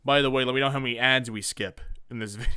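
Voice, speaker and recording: A man reading memes and jokes aloud in a playful, joking way, often laughing and slipping into quick silly voices. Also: medium pitch, bright, forceful tone. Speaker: meme video narrator.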